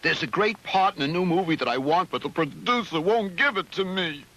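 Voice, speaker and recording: Squeaky groveling crooner, bright, swoops around. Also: male voice, animated, brisk, full character voice. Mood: pleading. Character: groveling Italian-American singer, loud and emotional. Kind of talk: 1970s cartoon voice acting.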